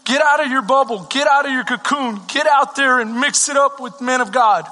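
A man preaching a sermon as a pastor, telling stories with animated, emotional delivery and quoting others in softer voices. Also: extremely high pitch, normal speed, in a large hall. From Texas.

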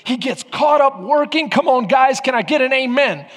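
A man preaches in an unusually high voice, spinning a story and calling out to his congregation. His words ring with the long reverb of a large church hall. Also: lively intonation, normal speed, fairly bright tone. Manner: storytelling with audience call-outs. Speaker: pastor. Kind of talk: sermon.

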